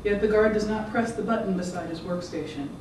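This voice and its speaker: An author giving a measured, rhythmic public reading of their own fiction. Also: medium pitch. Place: event room. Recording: echoey room, distant mic, background noise.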